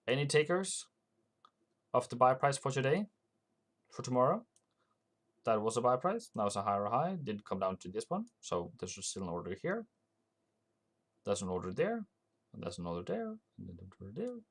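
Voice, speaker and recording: A man with a Norwegian accent giving rambling live-stream market commentary, thinking aloud with frequent restarts. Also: mid-range voice. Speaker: forex trading streamer.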